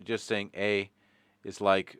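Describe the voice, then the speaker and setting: A Canadian man with a low, smooth, resonant voice, rambling through a casual podcast chat full of jokes and the odd swear word. The sound is dry and close, with almost no room around him. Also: monotone, takes it slowly, fairly bright tone, no echo. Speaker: podcast host.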